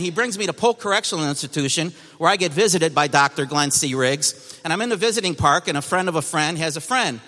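A man's voice: a little high, expressive, quick pace, few pauses, pushed and bright, in a large hall. A man giving an emphatic personal testimony to a church congregation, telling his story with energy.

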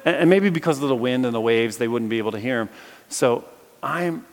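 Lively man preaching in an echoey hall. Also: medium pitch, fairly quick. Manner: lively storyteller with playful acted asides. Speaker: preacher and philosophy teacher. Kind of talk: conversational sermon with Bible reading. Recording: echoey hall with long reverb.

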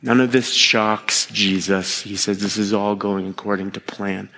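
A man preaching a sermon to a live congregation in a conversational, animated way, with expressive groans of disgust and quick voiced asides. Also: big-room sound. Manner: conversational and animated, acting out quotes with sharp pitch jumps.

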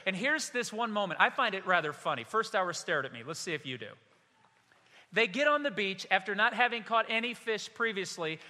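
High bright preacher guy telling a story to his church, jokey, voice echoing round a big hall. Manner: storytelling preacher, acts out dialogue with humor. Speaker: pastor. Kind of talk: sermon. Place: church sanctuary.

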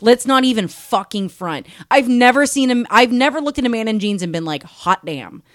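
A woman's voice: fairly high pitch, animated, moderate pace, fairly bright tone, no echo, studio quality. A woman co-hosting a casual podcast, bantering, laughing often and swearing freely. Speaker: podcast co-host. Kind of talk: casual chat.

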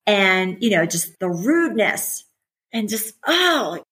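A woman's voice: mid-range voice, very animated, normal speed, fairly bright tone, low-quality recording. A woman in her forties, a former teacher and parent, talking candidly as a podcast guest, chatty and often laughing. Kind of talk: casual conversational interview.

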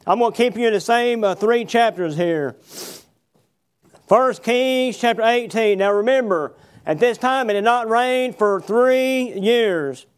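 A high-voiced man preaches a sermon a little slowly in a clean tone, reading scripture verses aloud and then paraphrasing them with filler words. He poses rhetorical questions to the congregation, which answers with amens.

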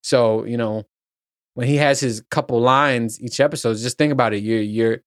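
A man's voice: medium pitch, moderate pace, no echo, clean studio sound. A man hosting a podcast alone, rambling in a casual chat and swearing freely. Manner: rambling, profane, laughs at his own points. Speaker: podcast host.

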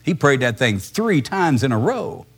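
A man's voice: medium pitch, very animated, measured pace, slightly rough. Man preaching conversationally. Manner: conversational, emphatic preaching with rhetorical questions. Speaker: pastor. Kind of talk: sermon.

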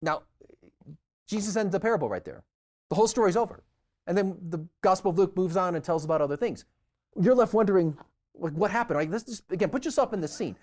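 A man's voice: high voice, lively intonation, fast talker. A man co-hosting a Bible study discussion, explaining scripture casually and acting out how listeners would react. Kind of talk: teaching discussion.

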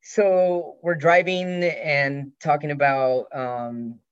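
A man hosts a personal podcast and tells a long story in a rambling, heartfelt way. He gets lively whenever he quotes his friend. The recording is dull and lo-fi, with a dry, close sound. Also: on the high side, takes it slowly, clear, resonant tone, no echo. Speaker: podcast host.

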